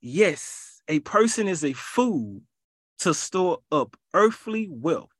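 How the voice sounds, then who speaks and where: Emphatic preacher man, lively pitch. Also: slow pace, no room sound, clean studio sound. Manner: emphatic, repetitive preaching with rhetorical questions. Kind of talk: sermon.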